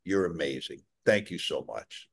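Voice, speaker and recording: A man's voice: deep voice, animated, normal speed, vocal fry, slightly rough. A man from New York City, the event moderator, speaking with a strong New York accent and a playful, joking manner on a video call. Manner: playful, puts on his native accent.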